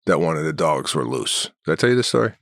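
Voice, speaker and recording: A middle-aged man co-hosting a podcast, telling stories in casual chat and working himself into animated rants. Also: fast talker, no echo, clean studio sound. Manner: animated storytelling, rants with rising pitch. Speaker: podcast co-host.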